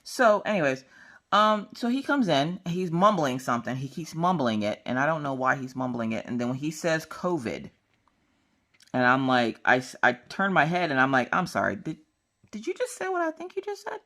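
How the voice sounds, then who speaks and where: Bright, animated woman vlogger. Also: rumbling low, normal speed. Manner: animated storytelling, acts out dialogue. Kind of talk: casual chat while crafting.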